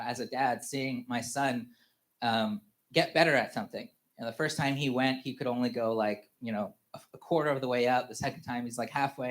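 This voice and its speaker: A man in his thirties giving a personal testimony at a church family service, speaking haltingly with many fillers and restarts and chuckling often. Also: medium pitch. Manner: halting, full of "you know" fillers and restarts; chuckles often while telling stories.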